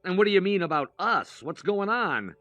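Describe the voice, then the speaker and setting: A man's voice: high-pitched, very animated, moderate pace, bright, forceful tone, no room sound, highs cut off, soft background music, heavily acted. A man voicing a defensive husband who denies an affair, in a text-message story read aloud, in a dry recording.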